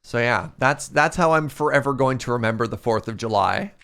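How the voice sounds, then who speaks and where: A man's voice: medium pitch, fairly quick, vocal fry, fairly bright tone, smooth. A man in his thirties streaming a game, telling a story in casual chat and laughing often. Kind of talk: casual storytelling while gaming.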